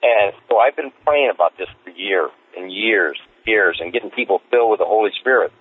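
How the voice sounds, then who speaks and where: A man telling stories as an interview guest, rambling and repeating himself as he gets excited. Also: fairly low pitch, brisk, breathy edge. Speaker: street evangelist guest. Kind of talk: casual interview storytelling. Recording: tinny phone line.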